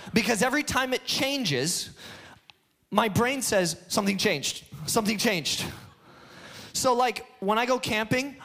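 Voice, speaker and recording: A man preaching a sermon, lively and repetitive, acting out the voice of fear in his head. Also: high voice. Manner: animated, acts out an inner voice, repeats phrases.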